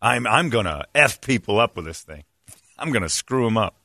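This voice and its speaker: Man with a bright, forceful voice telling crude stories. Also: lowish voice, sing-song, moderate pace, vocal fry, no room sound. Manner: boisterous, joking, acts out quoted voices. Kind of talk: crude comic storytelling.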